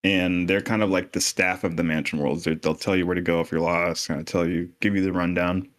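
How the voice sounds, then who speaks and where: Deep-voiced man explaining things casually. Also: little pitch movement, fairly quick. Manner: loose, casual, explains in plain terms with some swearing. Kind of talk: casual explanatory podcast talk.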